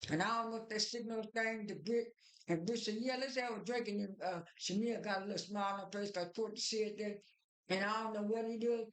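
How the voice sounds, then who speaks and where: A woman's voice: medium pitch, steady tone, fairly quick. Rambling woman vlogger in an echoey room. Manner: rambling, with many restarts and fillers. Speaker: vlogger recapping a TV episode. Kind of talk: casual spoken recap.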